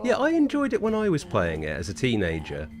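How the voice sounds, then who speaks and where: A man's voice: mid-range voice, huge pitch swings, fairly quick. A man giving casual let's play commentary with wry, amused asides. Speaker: streamer.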